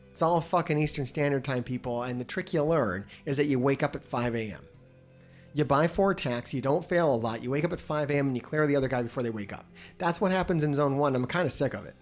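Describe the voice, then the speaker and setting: A man chats loosely on a live stream, with a lively voice that climbs and drops. He swears freely and laughs often. Soft music plays faintly underneath. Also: fairly high pitch. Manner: profane, rambling, laughs often. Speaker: livestream host. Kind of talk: casual live-stream chat.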